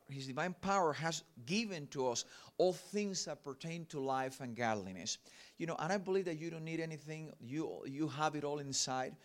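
A man's voice: on the high side, a bit bright. Cuban-accented man preaching. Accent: Cuban Spanish. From Cuba. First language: Spanish. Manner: earnest, many fillers. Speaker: pastor. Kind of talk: sermon.

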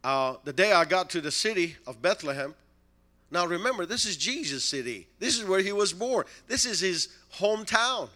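A preacher with a high, piercing voice tells his sermon as a lively story. He talks in broken-English phrasing and chuckles between lines. His tone is bright and sharp. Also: moderate pace.

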